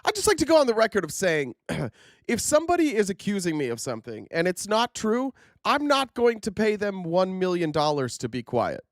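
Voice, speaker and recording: At a normal speed and with no echo, a political commentary host talks casually into his livestream camera setup, nose blocked by a sinus infection. He's sarcastic and animated, and his voice shoots upward when he gets worked up, all captured close and dry.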